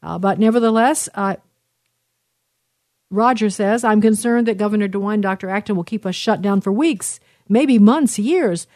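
A woman's voice: mid-range voice, normal speed, darkish tone, dry recording, studio quality. A middle-aged woman hosting a talk radio show, reading listener messages in an earnest, emotional way with many fillers and restarts.

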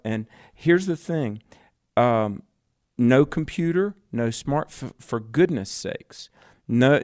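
A man's voice: mid-range voice, vocal fry, a little mellow, dry recording, clean studio sound. Firm radio co-host man. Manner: firm, fatherly, preacherly emphasis. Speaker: radio Bible show co-host. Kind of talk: call-in radio advice.

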